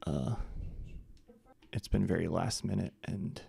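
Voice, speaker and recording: Deep gravelly man chatting on stream. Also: slow pace, mellow. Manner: chats with viewers and mutters to himself while working; many fillers and restarts. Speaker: live stream host. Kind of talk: casual live stream chat while editing.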